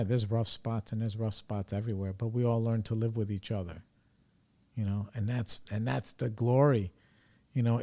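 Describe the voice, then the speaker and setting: A New York man with a matching accent hosts a recovery podcast, his medium-pitched voice warm. He rambles casually through a loose, profane monologue packed with "you know" and "like."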